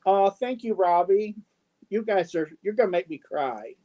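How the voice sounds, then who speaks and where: A middle-aged man hosting a casual live stream, reading out viewer comments slowly and haltingly, with many ums and affectionate asides. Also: high voice, lively intonation, mellow.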